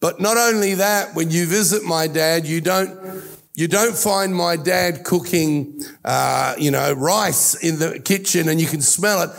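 A man's voice: fairly high pitch, unhurried, creaky, a bit bright. An Australian pastor in his sixties preaching a sermon, telling personal stories earnestly with a few restarts. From Italy. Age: 60s.

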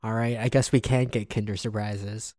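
A man's voice: fairly low pitch, fairly even intonation, normal speed, a little mellow, no echo, studio quality. A young man in a casual podcast chat, joking and laughing often. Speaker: podcast co-host.

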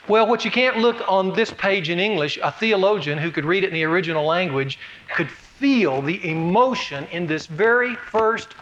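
Animated man preaching a sermon. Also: sits high, dull audio. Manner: conversational preaching with rhetorical questions, wide swings in emphasis. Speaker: pastor.

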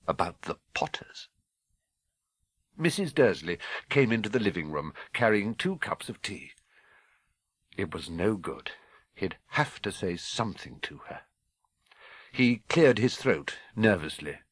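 A British man reads a children's fantasy novel aloud, his low voice rising and falling with lively expression. A slight husky grain, recorded dry and close in a studio. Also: no echo. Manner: expressive, measured storytelling. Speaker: audiobook narrator. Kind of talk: scripted narration.

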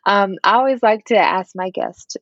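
A woman's voice: mid-range voice, moderate pace, no room sound, muffled recording. A woman hosting a podcast, chatting casually and laughing easily with her guest. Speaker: podcast host. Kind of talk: casual interview chat.

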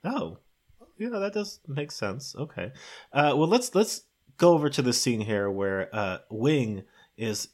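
A man's voice: medium pitch, very animated, unhurried. A man playing an upbeat, awkward film director running an audition, talking with many hesitations. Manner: chipper, hesitant, filler-heavy. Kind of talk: comedy sketch.

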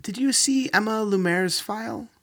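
A man's voice: normal speed, a bit bright. A man voicing an anxious young woman working in a medical lab, in a raised, questioning voice. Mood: worried. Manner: raised pitch, nervous and questioning.

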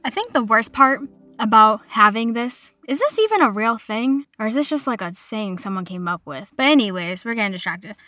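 A young woman in her twenties telling a casual personal story in a chatty, animated way, quoting other people as she goes. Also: on the high side, moderate pace, soft background music. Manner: chatty, animated retelling with quoted voices.

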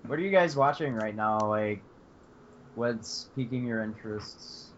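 A man's voice: on the low side, unhurried, slight background noise. Laid-back man hosting a podcast. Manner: loose, laughing, filler-heavy. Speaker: podcast host. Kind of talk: casual chat. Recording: dull lo-fi podcast audio.

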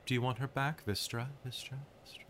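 A man voicing a cold, ethereal female ice goddess spirit in a soft whispered role-play, repeating words as if they echo. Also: medium pitch, fairly even intonation, a little fast, background noise, lightly acted. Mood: coaxing, tempting.

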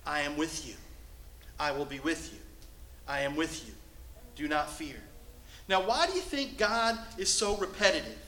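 A male pastor preaching a sermon from the pulpit, shifting between loud, emphatic lines and hushed, soft passages. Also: on the high side, animated, normal speed, pauses often, reverberant, poor audio. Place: church sanctuary.

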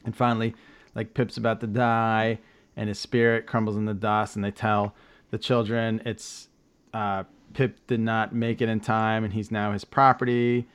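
A male podcast host with a somewhat low voice rambles through a casual recap chat at a moderate pace, with flat delivery and a clean tone. He stops and restarts a lot, fills gaps with ums, and drops wry, joking asides with laughs.

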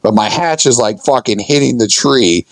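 A man's voice: medium pitch, normal speed, no echo, rough recording. A man on a podcast telling an off-road trip story in casual, profane chat, acting out what he said back then. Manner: animated, swearing, acts out his own past lines.

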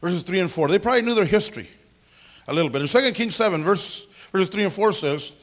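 A man preaching a sermon, leading a prayer and explaining scripture with lively conversational asides and frequent throat clearing. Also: high voice, fast. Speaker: pastor.

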